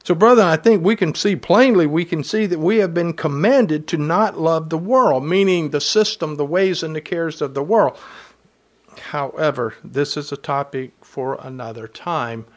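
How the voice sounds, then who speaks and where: A man's voice: fairly high pitch, moderate pace. A man preaching a sermon to his congregation, reading scripture aloud and driving home points with earnest emphasis.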